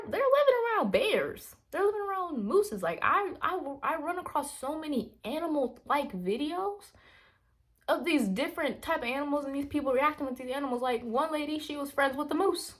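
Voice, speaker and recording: Woman vlogger, high voice, animated rambling storytelling, casual chat. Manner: animated, rambling, quotes herself in hushed asides.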